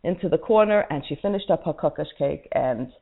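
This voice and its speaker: Expressive woman telling a sermon story. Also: sits low, brisk, vocal fry, slightly rough. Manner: expressive, swings from soft to loud. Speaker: religious speaker. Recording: tinny phone-like line.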